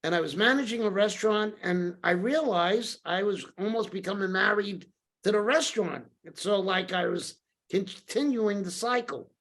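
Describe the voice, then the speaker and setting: Here an older man from New York tells stories in a high voice at normal speed. It's a casual interview on a podcast where he's the guest, lively and anecdotal, performing the quoted lines.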